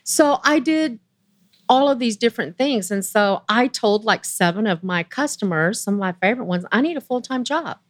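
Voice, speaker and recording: Animated Southern woman in her sixties. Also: moderate pace, no room sound. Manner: chatty, animated, voice rising high when excited. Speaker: interview guest. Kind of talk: personal storytelling.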